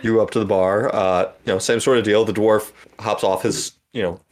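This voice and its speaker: A man's voice: on the low side, fairly even intonation, moderate pace. A man narrating as game master in a tabletop role-play, casual and a bit hesitant.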